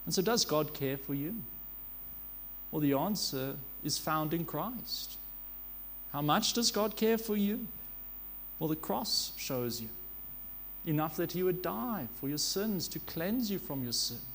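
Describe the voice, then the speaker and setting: A man with a high, light voice preaches an earnest sermon, asking rhetorical questions and stopping now and then to correct a word. A low mains hum sits under the recording. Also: animated, slow.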